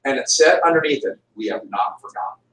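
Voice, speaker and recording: A middle-aged American man teaching a history class, telling stories in an animated, joking way. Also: medium pitch, a little fast, a little hiss or hum. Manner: animated, jokey storyteller with laughs. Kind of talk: classroom lecture with storytelling. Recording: roomy classroom audio from a distance.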